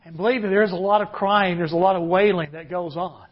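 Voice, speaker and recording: A man preaching a sermon, earnest, drawing out key phrases slowly. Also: sits high, fairly even intonation. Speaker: pastor. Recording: dull lo-fi recording.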